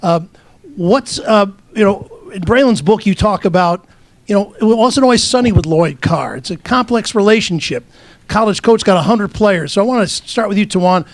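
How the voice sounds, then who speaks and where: A man emceeing a luncheon sports panel, asking questions in a halting way with frequent restarts. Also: high-pitched, animated, no echo. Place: luncheon event.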